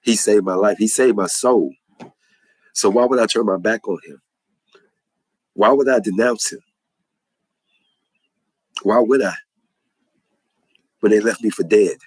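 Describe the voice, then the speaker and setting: A man's voice: on the low side, measured pace, pauses often, husky, no room sound, low-quality recording. A man giving an impassioned religious testimony in a preacherly way, repeating phrases for emphasis.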